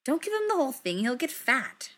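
A woman's voice: sits high, sing-song, a little fast, fairly bright tone, voice pushed up, exaggerated voice. A woman reading the part of a worried young male dwarf who speaks in urgent hissed whispers. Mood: anxious. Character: young male dwarf, anxious older brother.

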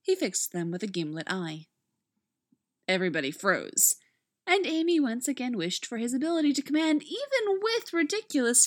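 Woman, fan fiction reading, animated, expressive, higher voice. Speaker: reader.

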